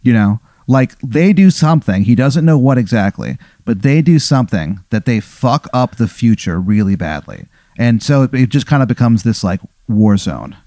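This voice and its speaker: A man improvising a comic story in a loose, rambling, profane way. His voice is mellow and dark. The recording is dry and close. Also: mid-range voice, lively intonation, normal speed, dry recording.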